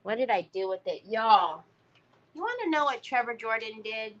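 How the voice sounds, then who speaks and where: A middle-aged woman crafts on a live stream, chatting and telling stories to her viewers casually. Her voice is fairly high, expressive, and moderately paced, though the sound is lo-fi with a noisy background.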